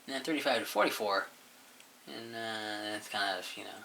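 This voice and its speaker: A man with a lowish, very bright and cutting voice, rambling casually through commentary on his own channel. He mumbles along and swears offhandedly, in a loose, unscripted way. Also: normal speed, a little hiss or hum. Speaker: YouTuber reviewing his channel.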